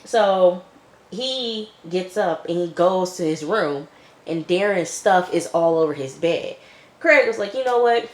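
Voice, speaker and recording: Brief: deep-voiced woman reviewer, chatty offhand recap, echoey room. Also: slow pace. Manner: chatty, loose retelling full of "like" and "you know". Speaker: TV episode reviewer. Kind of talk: casual episode recap.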